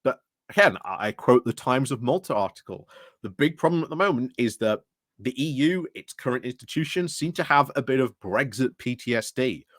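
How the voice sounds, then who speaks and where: A man's voice: medium pitch, animated, brisk, a bit bright, dry recording, studio quality. A man hosting a commentary channel, explaining things in a rambling casual way with many fillers and restarts. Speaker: political commentary channel host.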